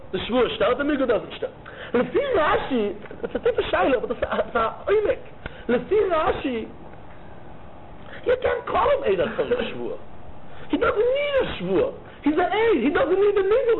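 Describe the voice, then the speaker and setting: A man teaching a Talmud lecture, arguing both sides of the case in an animated way and repeating key phrases. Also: very high voice. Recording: tinny phone-like line with faint noise.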